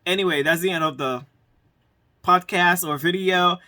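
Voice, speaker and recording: High, bright-voiced man venting. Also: moderate pace. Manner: animated, outspoken, venting. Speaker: vlogger. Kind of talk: casual rant to camera.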